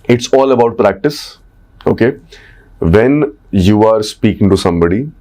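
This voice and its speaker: A man's voice: on the low side, expressive, unhurried, warm tone. A man with an Indian English accent, coaching on speaking and voice in a podcast conversation, checking in often with "right?". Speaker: communication coach.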